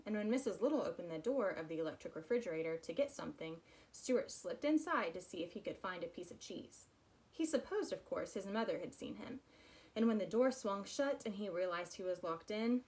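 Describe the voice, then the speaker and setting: A woman reading a children's book aloud in an expressive storytelling manner. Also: lowish voice, brisk. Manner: expressive storytelling, personal asides. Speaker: reader.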